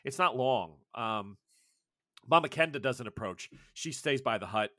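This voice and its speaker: A man narrating a tabletop game as game master, energetic, with quick restarts. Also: medium pitch, no room sound, clean studio sound.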